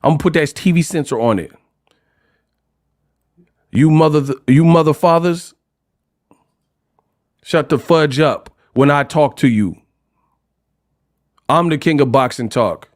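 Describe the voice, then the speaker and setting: A man from California hosting a livestream, ranting casually in an animated, slangy, joking way. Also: mid-range voice, moderate pace. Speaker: host.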